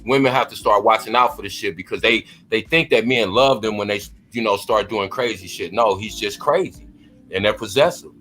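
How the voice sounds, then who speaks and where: A man's voice: on the low side, fairly quick, a bit bright, soft background music. A man giving blunt, profane advice in casual commentary.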